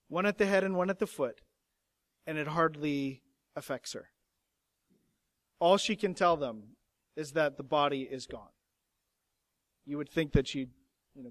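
A man with a notably high voice delivers a sermon, shifting between hushed reflection and emphatic declarations. The recording is close and dry, with no room echo. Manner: expressive, swings from hushed to emphatic. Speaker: preacher.

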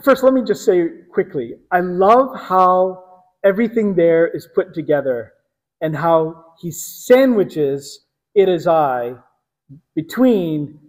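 A man preaching a sermon, teaching earnestly with slow, emphatic phrasing. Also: sits high, lively intonation, darkish tone, in a large hall. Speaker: pastor.

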